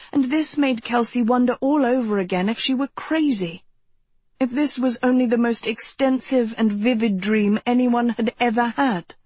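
A woman reading a novel aloud as an audiobook narrator, in a gentle, measured storytelling manner. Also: fairly high pitch, husky, no room sound. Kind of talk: scripted narration.

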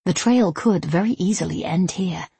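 A woman narrating an audiobook in an even, measured storytelling voice. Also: on the low side, gravelly, husky, no echo.

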